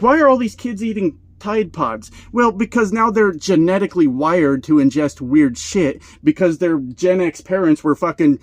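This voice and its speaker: Trucker guy cussing thru a sarcastic rant, kinda high voice, a bit winded, dry sound. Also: no room sound. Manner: profane, sarcastic, rambling. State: short of breath. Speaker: truck driver vlogger. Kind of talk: comedic rant to camera.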